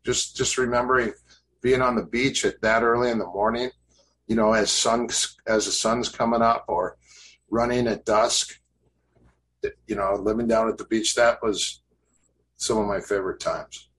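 A man's voice: fairly low pitch, steady tone, moderate pace, fairly bright tone, slight background noise, rough recording. Man in his fifties reminiscing, faint ambience. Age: 50s. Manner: rambling, reminiscent, with many fillers and restarts. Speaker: podcast guest, grappling coach. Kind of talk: casual interview storytelling.

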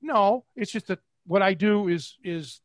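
High-pitched and animated, the middle-aged man speaks a little slowly on a dry recording. He's a podcast host and catch wrestling coach from Cleveland, USA, rambling through stories in casual chat with plenty of restarts and fillers.

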